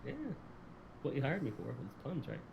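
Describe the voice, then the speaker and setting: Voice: mid-range voice, animated, a little fast, creaky, darkish tone, a little hiss or hum. A podcast co-host who makes puns, teases the others, and swears casually. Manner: punning, teasing, sweary.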